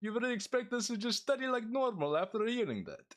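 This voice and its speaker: A man voicing an anxious teenage classmate in a high, excitable voice, reading a visual novel aloud. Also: brisk. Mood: worried. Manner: high-pitched, excitable chatter.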